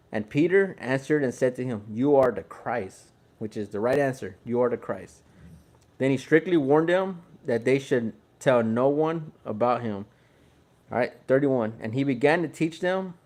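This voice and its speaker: A man's voice: medium pitch, a little mellow. Laid-back man reading scripture. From Houston, Texas. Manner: laid-back, chatty, repeats himself. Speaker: Bible reader. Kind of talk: casual Bible reading with commentary.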